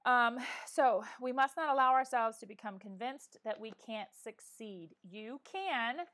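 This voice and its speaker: A woman's voice: on the high side, measured pace, fairly bright tone. A middle-aged woman hosting a casual live chat, talking earnestly and encouragingly straight to her viewers. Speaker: live-stream vlogger.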